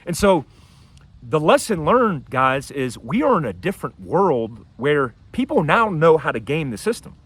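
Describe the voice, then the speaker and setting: A man telling a personal story to camera outdoors, casual and animated, acting out what people said. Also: fairly high pitch, a little slow, breathy edge, no room sound. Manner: animated, acts out quotes in a raised voice. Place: outdoors by his house and driveway.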